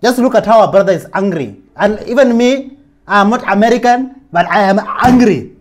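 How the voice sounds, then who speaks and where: A man's voice: high-pitched, animated, moderate pace. A man hosting a video channel, giving indignant opinion commentary. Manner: indignant, preachy. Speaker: channel host.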